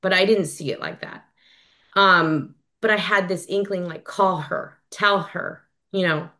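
Woman, thirties, recovery meeting share, candid, halting with fillers, slightly low voice. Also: sharp tone. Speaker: member sharing at a recovery meeting.

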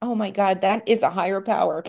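At a support meeting for recovery, a middle-aged woman gives a personal share in a steady, slightly mellow mid-range voice that moves a bit quickly. Her talk is frank and wandering, full of self-mockery, and now and then she sounds tearful.

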